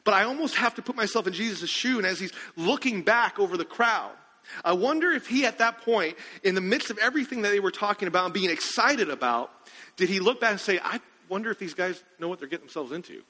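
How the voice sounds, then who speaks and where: Man, pastor preaching with a high voice that asks the room questions, in an echoing church hall. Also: animated, a little fast, sharp tone. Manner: conversational, asks the congregation questions. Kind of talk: sermon.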